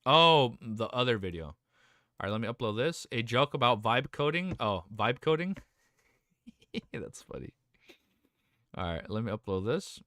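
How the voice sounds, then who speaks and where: A man's voice: mid-range voice, big pitch swings, measured pace, long pauses, fairly bright tone, no echo, clean studio sound. A young adult man live-streaming, chatting casually, rambling and swearing as he reads chat aloud.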